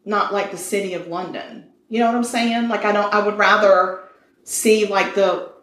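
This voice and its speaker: A woman's voice: mid-range voice, fairly even intonation, moderate pace, a bit bright. Bubbly giggly woman co-host. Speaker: podcast co-host. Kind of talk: casual chat. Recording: roomy echo.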